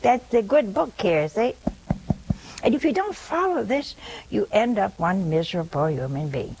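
A nun giving a spiritual talk in a conversational, gently teasing way, often checking in with her listeners with rhetorical questions. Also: medium pitch, very animated, normal speed, a little hiss or hum, rough recording.

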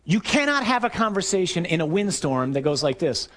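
Animated preaching man. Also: on the high side, moderate pace, hardly any pauses. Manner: animated storytelling, acting out shouts. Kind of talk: sermon.

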